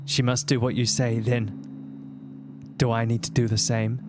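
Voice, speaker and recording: A man voicing a weary middle-aged woman, a shopkeeper's wife, in a low, hushed, resigned voice. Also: little pitch movement, moderate pace, over music, natural voice.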